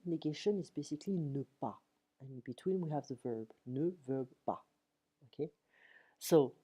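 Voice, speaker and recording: Deep husky woman running a french lesson at home, says okay a lot. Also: mellow. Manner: repeats phrases in English and French, frequent "okay?". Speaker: French teacher. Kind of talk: online language lesson. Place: home at night.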